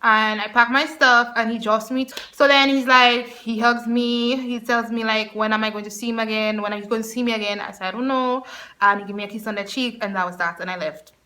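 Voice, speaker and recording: A young woman telling a personal story to her camera, chatty and animated, breaking into laughter often. Her voice sits high and sounds bright and clear. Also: fairly quick. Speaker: vlogger. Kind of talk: storytime vlog.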